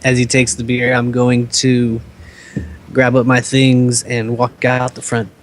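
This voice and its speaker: A man playing a tabletop game, describing his actions in an unhurried, giggly way. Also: medium pitch, monotone, a little hiss or hum. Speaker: player.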